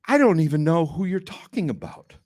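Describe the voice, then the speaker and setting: A comedian doing an earnest male ride-share driver from Kenya, pitched well above the teller's own voice. The driver sounds insistent and then puzzled and patient, raised and a little strained in a stand-up bit. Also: sing-song, a little fast, a little mellow, no room sound, clean studio sound.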